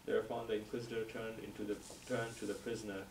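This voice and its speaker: A man in a reading group, reading a story aloud in a steady, careful way. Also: on the low side, fast talker. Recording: roomy, distant mic with clear noise.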